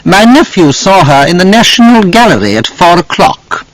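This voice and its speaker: A woman's voice: lowish voice, sing-song, normal speed, slight background noise, voice pushed up, low-quality recording. A man playing a malicious old duchess. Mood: gloating. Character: malicious gossiping elderly aristocratic woman.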